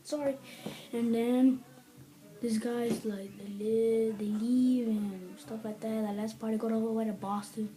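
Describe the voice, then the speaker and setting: A woman rambles through a casual spoken movie review, retelling the plot with plenty of "like" and acting out lines in other voices. Her slightly high voice stays level at normal speed with barely any pauses. Music plays underneath, and the audio quality is poor.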